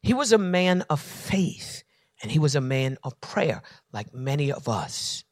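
A high-pitched male preacher delivering a sermon in a dry, close-sounding space. He swings from hushed near-whispers up to loud shouts. He circles back to repeated refrains in a preaching cadence. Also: sing-song, unhurried, no echo. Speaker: pastor.

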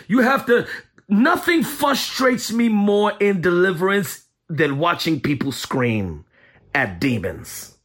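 A man's voice: sits high, fairly bright tone. A man preaching as an apostle teaching deliverance, emphatic and repetitive in his delivery. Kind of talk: preaching sermon.

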